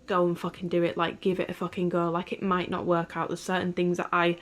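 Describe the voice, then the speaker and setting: A woman's voice: on the low side, monotone, a little fast. A young woman in a candid vlog monologue, rambling with lots of "like" and frequent swearing. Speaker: vlogger.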